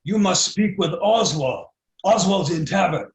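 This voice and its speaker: A man voicing a blunt half-orc woman warrior who speaks in slow, clipped broken English. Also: high-pitched, expressive, echoey room, voice pushed up. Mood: wary.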